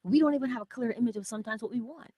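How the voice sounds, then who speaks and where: A middle-aged woman hosting a spiritual self-help livestream, talking casually and animatedly, jumping from loud exclamations to whispers. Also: fairly high pitch, rapid-fire, no echo, highs cut off. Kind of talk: casual motivational talk.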